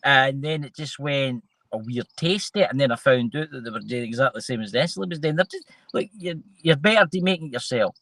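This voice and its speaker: A Scottish man hosts a loose, casual chat show and rambles from one point to the next, often trailing off mid-sentence. His voice is bright and forward, and it sits dry and close to the mic. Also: medium pitch, animated, brisk, no echo, poor audio. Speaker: host.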